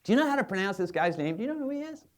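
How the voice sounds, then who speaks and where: A man voicing a fretful small-town introducer who anxiously mutters to himself in a low, quiet voice. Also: very animated, racing. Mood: insistent.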